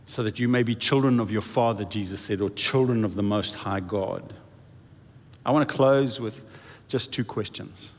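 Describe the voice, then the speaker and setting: A man preaching a sermon in an animated way, swinging his pitch and volume as he acts out quoted voices. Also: moderate pace. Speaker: pastor. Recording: echoey hall reverb.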